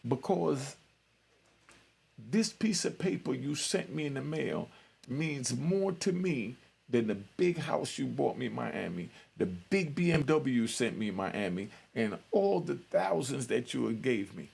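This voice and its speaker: A man quoting a loving mother who pleads with her son, heard through a heavily gravelly, husky voice. The pitch is lifted only a little from his own. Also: sing-song, a little slow, a little mellow, exaggerated voice. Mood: tender, pleading. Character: loving, pleading mother, a middle-aged woman.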